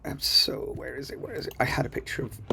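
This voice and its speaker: A man's voice: mid-range voice, level tone, fast, creaky, background noise. A man casually walking through a screen-recorded coding tutorial, chatty and enthusiastic, thinking aloud with lots of ums. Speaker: coding teacher. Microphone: computer mic while screen recording.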